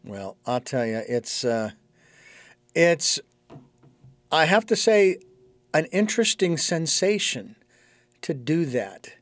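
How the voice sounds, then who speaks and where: A man with a high voice that swoops up and down as he talks. He hosts a casual conversation in an animated way, acting out both sides of an argument. The recording is close and dry. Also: takes it slowly, long pauses, no room sound. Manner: animated, quotes scripture, acts out dialogue.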